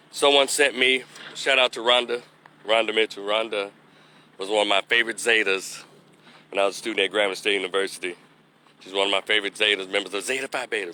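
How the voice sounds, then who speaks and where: A man's voice: fairly low pitch, bright, forceful tone, slight background noise. Rambling man with a stuffy cold. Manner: rambling, loses his train of thought. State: recovering from a cold, slightly stuffy. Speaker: vlogger giving opinions. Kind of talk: casual live vlog. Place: outdoors walking past a construction site.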